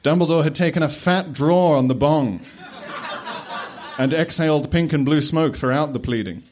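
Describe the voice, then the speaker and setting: A man narrating a comic tale in a fairly high voice. He keeps a deadpan delivery and often laughs. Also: normal speed. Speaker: storyteller.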